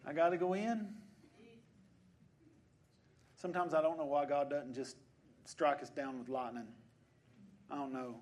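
A man, preaching a sermon as pastor of a church, shifting between quiet conversational asides and loud exhortations. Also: medium pitch, moderate pace, long pauses. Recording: congregation answering in the background. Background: congregation responding.

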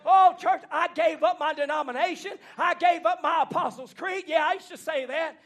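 A man preaching a fiery revival sermon, shouting in rhythmic repeated phrases and calling out to the congregation. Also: very high voice, moderate pace. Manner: shouting, rhythmic repetition, call-and-response exhortation. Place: church banquet hall.

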